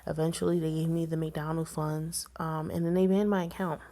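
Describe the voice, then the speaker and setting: A woman's voice: low voice, level tone, brisk, warm tone. A young woman telling a personal story to camera, emotional and tearful at times, with many fillers. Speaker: vlogger.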